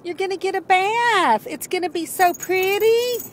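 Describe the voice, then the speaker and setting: Very high-voiced woman cooing to her dog. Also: unhurried. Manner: soothing, cooing baby talk to a pet. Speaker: dog owner. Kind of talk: home video, talking to her dog. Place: inside a car. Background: faint car hum and a whining dog.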